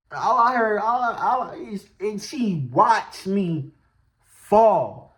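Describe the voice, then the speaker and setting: Animated man telling a laughing story. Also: sits high, takes it slowly. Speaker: vlogger. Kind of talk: storytime vlog.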